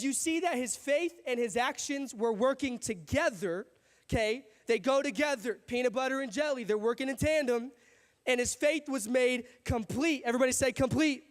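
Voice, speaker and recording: A young adult man preaching a sermon as pastor, telling a story with animated asides and acted-out characters. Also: extremely high pitch. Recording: hall reverb.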